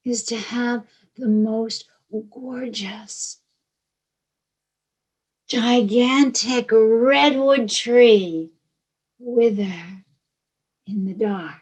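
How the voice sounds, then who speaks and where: A middle-aged woman with a Georgia accent, giving a reflective spiritual talk in short phrases with long pauses, often dropping to a hushed whisper. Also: on the high side, slightly rough, low-quality recording. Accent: Georgia (US South). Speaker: spiritual teacher.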